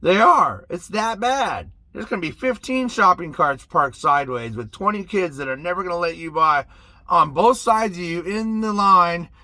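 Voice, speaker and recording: Here a middle-aged motivational vlogger with a high voice speaks to camera at a moderate pace, casually and with energy. He brings his stories to life by performing the quoted lines, and the recording is dry.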